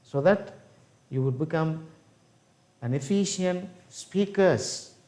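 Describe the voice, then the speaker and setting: Slow, deliberate male teacher. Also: on the high side, animated, mellow. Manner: slow, repeats words for drill, addresses learners as "my dears". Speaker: English teacher. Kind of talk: pronunciation lesson.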